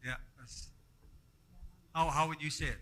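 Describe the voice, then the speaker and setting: A man teaching a language workshop to a group, halting and repeating himself as he explains and asks the room questions. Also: on the high side, steady tone, bright, forceful tone, a little hiss or hum, poor audio. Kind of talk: classroom teaching. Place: classroom.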